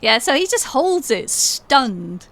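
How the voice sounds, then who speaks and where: A woman's voice: high-pitched, sing-song, slow pace, a bit bright. A woman narrating a tabletop game as game master, casual and giggly.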